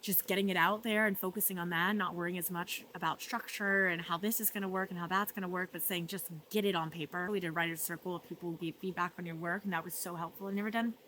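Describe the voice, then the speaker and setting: A woman talking earnestly in a personal vlog, emotional and reflective, often dropping softly and laughing between thoughts. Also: lowish voice, fairly even intonation, quick pace, hardly any pauses, a little hiss or hum. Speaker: vlogger. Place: art residency.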